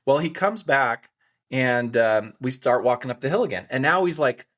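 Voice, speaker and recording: A man's voice: medium pitch, moderate pace. An American man in his forties, a hunting guide, telling a story in casual conversation and acting out the voices of the people in it. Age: 40s. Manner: animated storyteller, acts out quoted voices. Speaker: hunting guide and outfitter, podcast guest.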